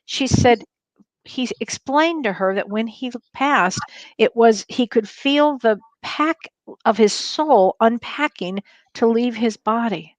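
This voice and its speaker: A woman co-hosting a livestream talk show shares a story in an earnest, eager way during casual chat. Her voice is on the high side and slow, in a dry recording.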